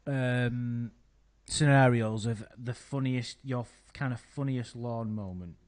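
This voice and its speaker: A man's voice: mid-range voice, slow pace, darkish tone. Wry, crude man chatting. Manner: wry, crude, mock-gruff humour. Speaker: co-host. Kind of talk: casual chat.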